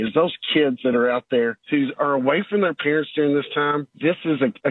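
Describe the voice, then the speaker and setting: A man's voice: medium pitch, dry recording. A man who volunteers for a charity, speaking in a heartfelt, emotional way in a recorded testimonial. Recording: tinny phone-like audio.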